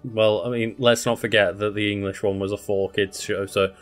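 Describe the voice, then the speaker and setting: A man's voice: lowish voice, little pitch movement, moderate pace, soft background music. A man co-hosting a casual podcast, laid-back, mostly giving short replies and laughing. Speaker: podcast co-host. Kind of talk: casual chat.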